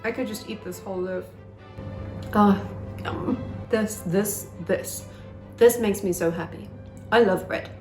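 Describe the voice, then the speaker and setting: Unhurried and pausing often, a woman with a mid-range, slightly mellow voice bakes in her home kitchen for a casual cooking vlog. She gushes bubbily and speaks affectionately to her bread. Faint music plays in the echoey room.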